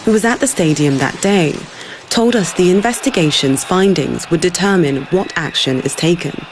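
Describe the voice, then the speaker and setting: Reporter, middle pitch, scripted report read, faint background noise. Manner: clear, deliberate reporting. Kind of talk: scripted news report narration.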